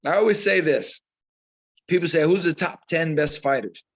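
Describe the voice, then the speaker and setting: Man, boxing trainer, slightly high voice, chatty storyteller who repeats himself. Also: moderate pace, low-quality recording. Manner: animated storyteller, repeats himself, acts out quotes. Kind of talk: casual interview talk.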